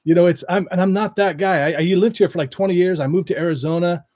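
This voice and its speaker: A man's voice: high voice, fast, a little mellow. A man who works as a hypnotist, talking casually as a guest, laughing often and circling back over his sentences. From United States. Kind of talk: casual chat.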